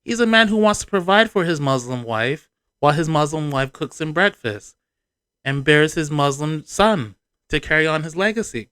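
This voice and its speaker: A man delivers sarcastic, punchy commentary for his reality-TV vlog, leaning hard on the points he wants to land. His voice sits a little high and sounds smooth and clean. The recording is dry and close, with no room around it. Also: normal speed, no room sound. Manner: animated, sarcastic, punchy emphasis.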